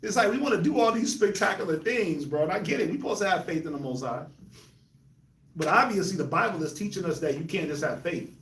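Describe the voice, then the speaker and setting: A man's voice: high voice, lively intonation, fast talker, a bit bright, echoey room, recorded from a distance, slight background noise. A man hosting a casual Bible discussion, laughing often and talking in loose slang. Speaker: host of a Bible discussion show.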